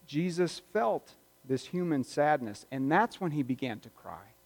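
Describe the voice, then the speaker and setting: A man preaching a sermon as pastor, conversational and reflective, moving between louder stretches and hushed ones. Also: a little high, very animated, unhurried, gravelly. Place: church sanctuary. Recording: long reverb of a church hall.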